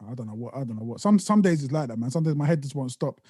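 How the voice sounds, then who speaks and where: A man's voice: mid-range voice, lively intonation, very fast, mellow, slightly rough, dry recording, studio quality. A man hosting a podcast in casual chat, talking in laid-back slang and laughing often. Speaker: podcast host.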